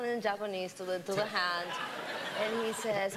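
A woman with a Mexican accent, a talk show guest, chatting casually and telling a joke with lively character voices. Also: mid-range voice, brisk, noisy background. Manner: laughing, animated storytelling with voiced characters. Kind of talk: casual chat. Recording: 1990s-2000s VHS TV broadcast, studio audience.

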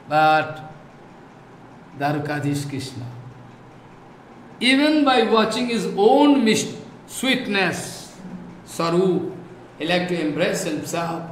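Slow, high-voiced Indian spiritual teacher. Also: male voice, animated. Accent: Indian English. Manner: repetitive, emphatic, recites Sanskrit verses. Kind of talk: devotional scripture lecture. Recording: echoey room, faint background noise.

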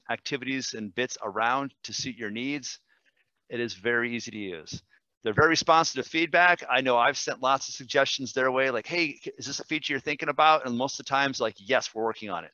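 Upbeat bright-voiced man giving a webinar. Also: medium pitch, no echo, lo-fi sound. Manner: enthusiastic, quick, with fillers and self-corrections. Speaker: language teacher presenting a webinar. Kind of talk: screen-share webinar demo.

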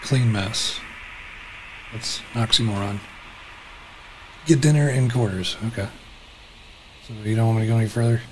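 A man giving casual let's-play commentary, talking to himself, laughing often, swearing and reacting loudly. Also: medium pitch, steady tone, normal speed, long pauses, slight background noise. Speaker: gameplay commentator.

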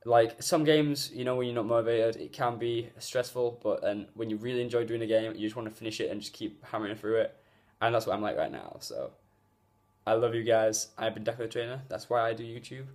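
A gaming YouTuber with a mid-range, slightly mellow voice talks briskly to camera in a vlog. He's rambling and earnest, full of fillers, and the audio comes from a phone mic.

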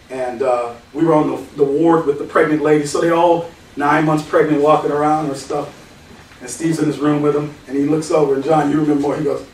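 A man's voice: on the high side, a little mellow, a little hiss or hum. A man, a pastor, teaching the Bible verse by verse in a conversational way, quoting scripture and telling anecdotes. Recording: echoey hall, mic at a distance.

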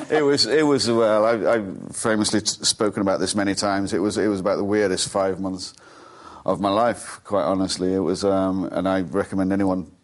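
Man, forties, lowish voice, talk show guest, rambling amused anecdotes, studio. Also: fairly even intonation, normal speed. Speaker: actor guest. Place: television studio.

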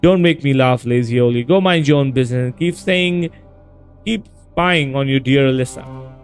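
A man's voice: medium pitch, moderate pace, smooth, faint music behind, lightly acted. A man reading a snide circus woman. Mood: mocking. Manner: snide, taunting. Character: rude, mocking circus woman.

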